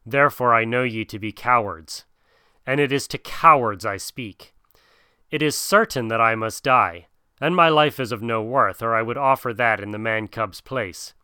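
Guy voicing an old worn-out wolf leader, dignified, bright dry voice. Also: mid-range voice, smooth, no room sound. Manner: dignified, pleading. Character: old weary male wolf pack leader.

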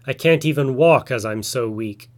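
A man's voice: mid-range voice, moderate pace, close to an everyday voice. A man voicing a lazy, boastful male spider trickster who feigns weakness, in a told folk tale. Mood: feigning weakness.

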